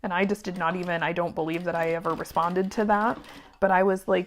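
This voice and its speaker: A woman's voice: on the low side, fairly even intonation, fairly quick. Chatty woman venting while she sews. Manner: chatty, venting, drops into whispers while working. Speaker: small business owner and vlogger. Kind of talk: casual chat while sewing.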